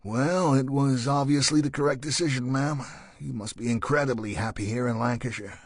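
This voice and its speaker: A man voicing an easygoing male detective with a Liverpool accent, relaxed and courteous. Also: mid-range voice, moderate pace, no room sound, studio quality, natural voice. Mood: calm.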